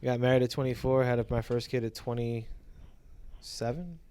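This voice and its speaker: A man, a teacher telling his story as a podcast guest in a relaxed, reflective way with many fillers. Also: medium pitch, normal speed, clean tone. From Brooklyn, New York. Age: 40s. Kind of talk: casual conversational interview.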